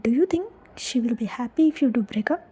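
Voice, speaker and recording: A woman reading the lines of a pushy, sarcastic young friend in a soft, breathy near-whisper, as part of a fan-fiction audio story. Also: a little high, lively intonation, brisk. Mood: pressing.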